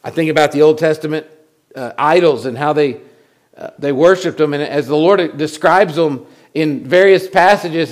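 Guy preaching a sermon, chatty, stumbles and repeats words, goes loud then real quiet. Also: fairly high pitch, normal speed. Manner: conversational, repeats words, swings from loud to hushed. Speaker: pastor.

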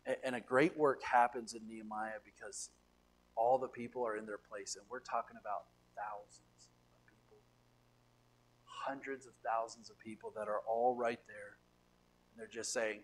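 A pastor preaching a sermon, animated, often repeating words and swinging between quiet asides and loud emphasis. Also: male voice, mid-range voice, moderate pace, husky. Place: church sanctuary.

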